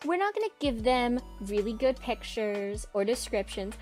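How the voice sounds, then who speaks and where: Woman in her twenties, sarcastic, rambling, casual vlog storytelling, slightly high voice. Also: lively intonation, moderate pace, darkish tone, faint music behind. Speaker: artist recounting her old character.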